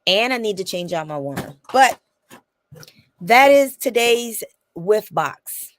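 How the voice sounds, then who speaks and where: A woman vlogger chatting to camera, telling a story with animated repetition and acted-out quotes. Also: mid-range voice, slow pace, no echo. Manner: animated storytelling, acts out quotes and repeats phrases. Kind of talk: casual chat to camera.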